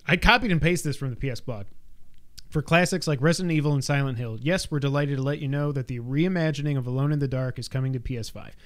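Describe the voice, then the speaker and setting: A man's voice: medium pitch, fast. A man co-hosting a podcast from home, reading a press release aloud with joking asides and telling stories in casual chat. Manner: reads press copy with asides and jokes. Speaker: podcast co-host.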